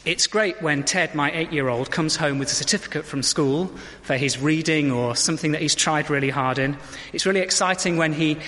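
A man's voice: fairly high pitch, sharp tone, in a large hall. A man giving a conversational sermon in a church, reading scripture and asking the congregation questions. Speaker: preacher.

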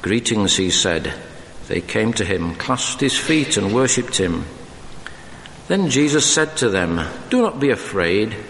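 A man reads the gospel in a measured liturgical style. His voice is low and his pace very slow. He sounds distant, in a roomy church with a long reverb and faint ambience behind him. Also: very animated, fairly bright tone, slight background noise. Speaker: gospel reader. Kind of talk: liturgical reading.

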